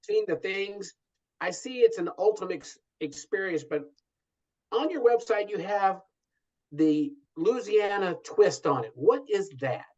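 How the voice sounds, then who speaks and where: A man co-hosts a casual live stream, joking as he chats. His voice sits a little high. The audio is dull and lo-fi. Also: lively intonation, a little slow, darkish tone. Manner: joking, conversational. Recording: dull lo-fi sound.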